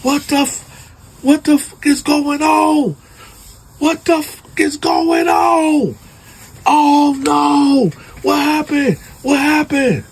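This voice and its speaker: A man's voice: very high-pitched, slow pace, creaky, voice pushed up, exaggerated voice, poor audio. A man playing a grief-stricken husband who screams and sobs in frantic disbelief over his slain family. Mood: anguished screaming. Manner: shouting, sobbing, frantic.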